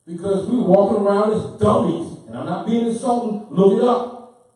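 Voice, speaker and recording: A man's voice: high voice, normal speed. Fervent man lecturing in an echoey room. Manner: fervent, preaching, repeats himself, gets loud then apologizes. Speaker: speaker. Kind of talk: impassioned lecture. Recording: roomy, from far off the mic.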